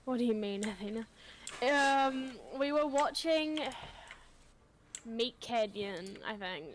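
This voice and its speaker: A young woman chats loosely on a gaming stream, joking and rambling. Her voice sits high, with a faint hiss of background noise. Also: takes it slowly. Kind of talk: casual gaming stream chat.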